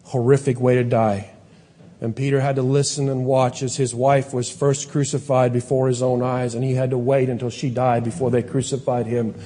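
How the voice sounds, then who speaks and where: A man's voice: medium pitch, level tone, moderate pace, dark tone, a little hiss or hum. A man preaching a sermon as pastor, earnest and pleading, in a church. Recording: long hall reverb.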